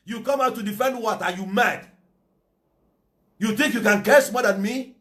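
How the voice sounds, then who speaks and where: A man's voice: very high voice, normal speed, pauses often, fairly bright tone. A Nigerian man with an Igbo English accent giving a fiery, preachy monologue and slipping into Igbo phrases. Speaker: political commentator. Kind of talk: impassioned monologue.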